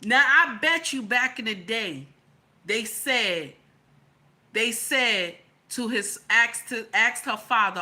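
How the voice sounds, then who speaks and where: A woman's voice: a little high, expressive, measured pace, bright, forceful tone. A woman giving casual opinion commentary, colloquial and emphatic, repeating her lines for stress. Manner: colloquial, slangy.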